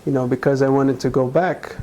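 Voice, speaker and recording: Earnest Brazilian man with a mellow voice. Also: medium pitch, steady tone, a little hiss or hum, low-quality recording. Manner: earnest, halting with many restarts. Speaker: guest. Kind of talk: conversational interview.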